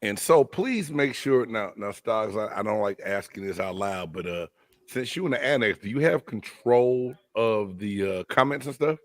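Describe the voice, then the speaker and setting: A man hosting a casual live sports chat, loud and joking with his co-hosts. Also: on the low side, expressive, normal speed, dry recording. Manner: loud, hyped, joking banter. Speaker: host.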